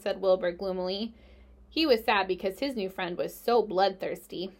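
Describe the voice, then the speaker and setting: A woman's voice: on the low side, moderate pace. Woman reading a children's story aloud. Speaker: narrator.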